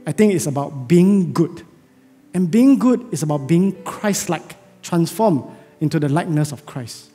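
A man's voice: fairly high pitch, lively intonation, a little slow. A man preaching a sermon as pastor, earnest and emphatic, with many rhetorical questions. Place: church sanctuary. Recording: echoey church hall with soft music.

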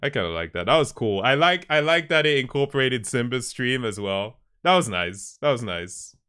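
A man's voice: mid-range voice, animated, moderate pace, pushed and bright, smooth. A man livestreaming who chats casually with his viewers, laid-back and often chuckling as he reacts to their posts. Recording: stream with faint background music.

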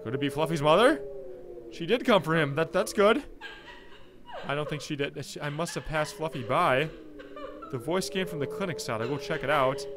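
A young man, reading game text and commenting, excitable and jokey. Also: fairly high pitch, moderate pace, pauses often, background noise. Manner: excitable, jokey, thinking aloud. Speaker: gameplay commentator.

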